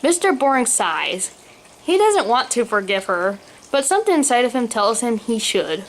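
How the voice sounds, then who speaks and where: A woman's voice: on the high side, big pitch swings, moderate pace, slight background noise. Woman reading a humorous story aloud. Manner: reads aloud, occasional slips. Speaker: story reader. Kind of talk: storybook narration.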